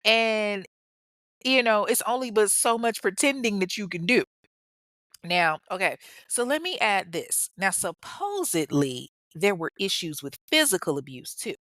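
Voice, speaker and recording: A woman's voice: medium pitch, animated, a little slow, fairly bright tone, dry recording. A woman podcast host telling a true-crime story in a casual, candid way, with profane, chatty asides to her listeners.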